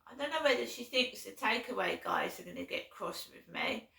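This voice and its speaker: Recorded with roomy echo, a woman vlogs a long, aggrieved story, rambling and checking in often with "right?". Her voice sits on the high side with lively intonation, vocal fry, and a bright, forceful tone, at normal speed.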